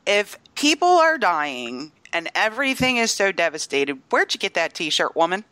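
A woman co-hosting a podcast with dry, amused reactions. Her voice is bright and sharp, with lively ups and downs. The sound is close and dry. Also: on the low side, normal speed, no room sound. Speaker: podcast co-host. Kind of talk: casual chat.

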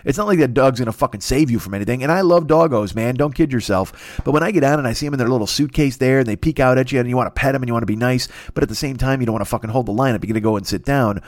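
Racing along with barely a pause, this man hosts a podcast by himself, rambling, swearing and putting himself down while tired, yawning and congested. The medium-pitched voice is captured in studio quality, free of room sound.

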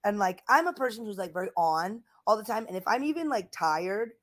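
A woman in her thirties, a comedian guest chatting casually on a podcast and acting out the voices of people she quotes in lively stories. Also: medium pitch, fairly quick. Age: 30s.

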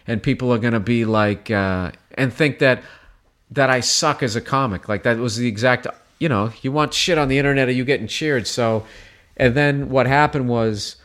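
A man, a stand-up comedian, telling a long story in casual conversation, swearing freely and jumping up high in pitch when he quotes people. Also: normal speed. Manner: animated, profane, jumps in pitch when quoting people.

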